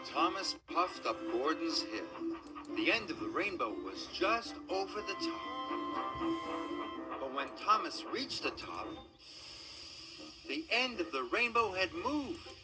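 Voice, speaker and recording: A man narrating a children's storybook gently, his fairly high voice rising and falling expressively. Music plays steadily underneath. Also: big pitch swings, takes it slowly, pauses often.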